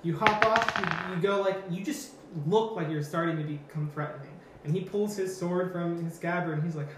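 A woman running a tabletop game as game master, narrating in a lively, laughing way. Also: fairly low pitch. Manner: lively, laughing, quick asides. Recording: echoey room with background noise.

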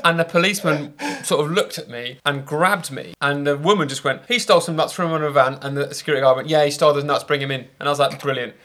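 A man in his thirties, a podcast guest telling a lively, swear-laden anecdote with laughs. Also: a little high, fast, few pauses. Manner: animated, laughing anecdote teller, swears freely. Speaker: guest, brand founder. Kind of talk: casual podcast storytelling.

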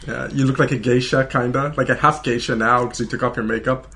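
A man's voice: medium pitch, fairly even intonation, quick pace, gravelly, a bit bright. A man hosting a casual podcast in an office conference room, rambling and joking at his own expense. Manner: rambling, joking, self-deprecating. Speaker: podcast host.

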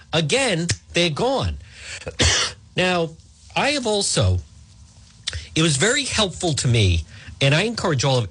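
Animated, husky talk radio host. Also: male voice, fairly high pitch. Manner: combative, animated, frequent asides and restarts. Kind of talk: opinionated talk radio monologue.

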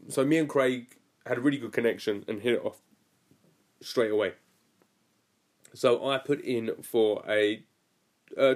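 A young man telling a story about his cruise ship job in a casual, rambling and chatty way. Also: mid-range voice. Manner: rambling, chatty, lots of "like" fillers. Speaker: former cruise ship youth activities worker.

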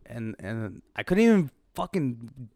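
A young man telling a profane, animated story in casual podcast chat, often laughing as he talks. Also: mid-range voice, measured pace, vocal fry, no room sound, studio quality. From Los Angeles. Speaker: podcast co-host.

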